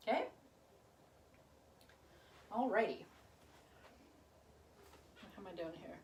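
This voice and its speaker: A woman's voice: medium pitch, animated, slow pace, long pauses, fairly bright tone, slight background noise. A woman casually teaching chorus choreography, chatting and half-singing lyrics as she demonstrates moves. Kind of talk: casual dance instruction. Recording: roomy, recorded from a distance.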